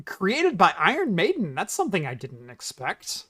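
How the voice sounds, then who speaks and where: A man's voice: sits high, huge pitch swings, normal speed, fairly bright tone, breathy edge. A man co-hosting a casual tech podcast, reading labels aloud and mock-ranting about pronunciation. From United States. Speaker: podcast co-host. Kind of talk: casual chat.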